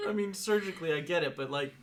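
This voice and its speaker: A woman's voice: low-pitched, fast talker, a little hiss or hum. A woman playing a tabletop game, chatting casually, giggly and repeating herself. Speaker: player.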